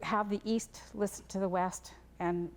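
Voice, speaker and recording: A woman candidate speaks very slowly and haltingly, pausing often and filling the gaps with fillers. Her pitch is moderate. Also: fairly even intonation. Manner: halting, with many pauses and fillers. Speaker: election candidate.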